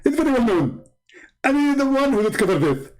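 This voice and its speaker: A man's voice: extremely high pitch, big pitch swings, fast talker, darkish tone, faint music behind, pitched above the performer's own voice, low-quality recording. A man doing a smug, pompous preacher impression. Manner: pompous, condescending, talks in a mock accent.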